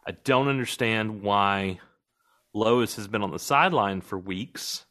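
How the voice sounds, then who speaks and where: A man's voice: lowish voice, a little slow, bright, forceful tone. A man co-hosting a casual podcast, giving opinionated, joking takes on a TV episode with frequent restarts. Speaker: podcast co-host. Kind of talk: casual TV recap chat.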